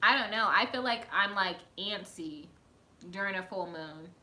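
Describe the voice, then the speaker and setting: A woman's voice: medium pitch, normal speed, sharp tone, slight background noise. A woman, chatting casually on a live stream from home, reading out her viewers' comments and laughing often. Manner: chatty, laughs often, talks to chat by name.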